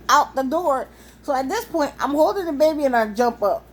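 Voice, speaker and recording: A young woman telling a wild personal story in a casual, animated, profane way, laughing often. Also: sits high, fairly quick, slight background noise.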